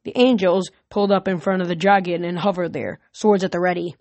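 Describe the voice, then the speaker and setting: Woman reading a novel aloud, casual, self-correcting, lowish voice, dry close sound. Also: steady tone, fairly quick, a little mellow, dry recording. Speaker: reader.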